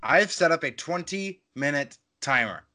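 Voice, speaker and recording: A man's voice: a little high, lively intonation, a little slow, pushed and bright. A man hosting a podcast in casual chat, playful and jokey, rambling a little as he talks. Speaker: podcast host.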